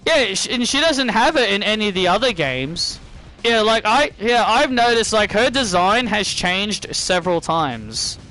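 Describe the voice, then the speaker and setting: A man's voice: high-pitched, big pitch swings, a little slow, bright, forceful tone. A man hosting casual gameplay commentary, rambling and often restarting and correcting himself. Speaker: channel host playing a video game.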